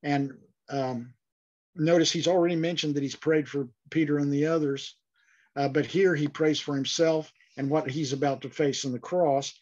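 A man's voice: a little high, fairly even intonation, darkish tone. Man teaching a Bible class, lo-fi audio. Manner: thoughtful, halting, many fillers and restarts. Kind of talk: online Bible class lecture.

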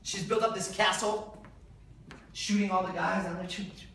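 A man speaking at a conference, animated and profane, acting out little scenes for the crowd. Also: high-pitched, moderate pace, vocal fry, a little hiss or hum. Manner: profane, animated, acts out voices. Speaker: seminar speaker. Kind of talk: conference talk. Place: large conference hall. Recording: echoey hall from far off.

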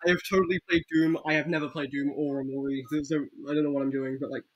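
A man giving excitable, swear-filled gameplay commentary as a video game YouTuber, breaking into yelling bursts. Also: a little high, fast talker, no room sound, highs cut off.

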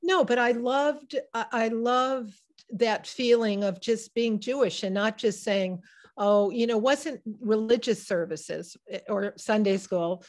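Animated Chicago-accented woman in her sixties. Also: on the high side, slow. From Chicago area, USA. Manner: animated, digressive storyteller who often restarts sentences. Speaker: author being interviewed. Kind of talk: casual conversational storytelling. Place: synagogue.

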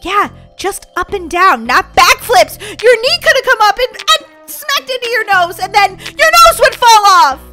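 A very high-pitched, bright-toned strict mother, played by a woman in a casual game role-play. She frets and scolds with big swoops in her voice, fussing over her daughters' safety, and light background music plays along. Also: big pitch swings, measured pace, hardly any pauses, exaggerated voice. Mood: alarmed scolding. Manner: fussy, worried, exaggerated scolding. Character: anxious overprotective mother of two girls.

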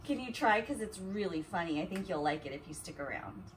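A mother in her thirties playfully reading a silly picture book aloud to her child at home, with animated delivery. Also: on the low side, brisk, far from the mic, a little hiss or hum. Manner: animated, silly voices, laughing while reading. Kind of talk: playful read-aloud storytelling.

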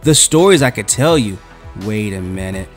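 A man's voice: fairly low pitch, expressive, moderate pace, faint music behind, voice pushed down, lightly acted. A man voicing a cocky, scheming male demon who talks in a sly, mocking way. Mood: sly, sneering.

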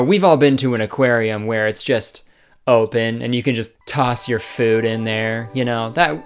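A young man at a middle pitch, riffing sarcastically in a comedy vlog. He talks close to the microphone, and a faint music bed sits behind his voice. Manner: sarcastic, jumps into silly character voices. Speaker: YouTube comedian.

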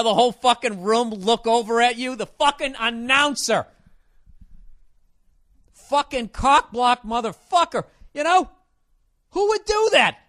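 A man hosting a podcast, telling a comic story in a profane, animated way. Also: sits high, no echo, clean studio sound. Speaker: podcast host. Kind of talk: comedic podcast rant.

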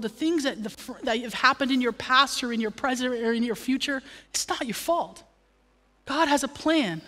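A woman's voice: fairly high pitch, fairly bright tone, in a large hall. A woman pastor preaching a sermon with passion, building to emphatic declarations and dropping in humorous asides. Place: church.

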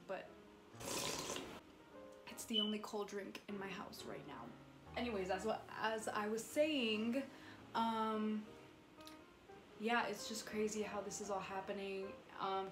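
A young woman chatting casually as she teaches painting at home, rambling and filling gaps with um and like. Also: mid-range voice. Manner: chatty, rambling, says um and like a lot. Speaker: vlogger. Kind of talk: casual painting tutorial chat. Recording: roomy echo with music behind.

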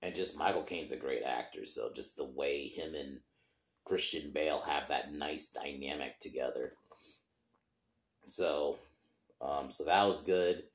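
A man's voice: very deep voice, unhurried, roomy sound. A man hosting a podcast, chatting casually about a film, rambling with loose swearing and trailing restarts. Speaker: podcast host. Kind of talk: casual film review chat.

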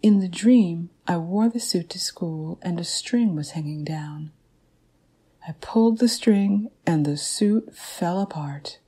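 A woman's voice: lowish voice, warm tone, breathy edge. A woman reading aloud the words of a grown woman recounting a childhood dream, in a plain storytelling manner.

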